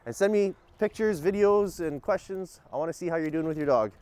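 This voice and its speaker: A man giving casual dog-training instruction outdoors on a walk with his dog, shifting between upbeat and calm and giving short commands. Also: a little high, a little fast, slight background noise.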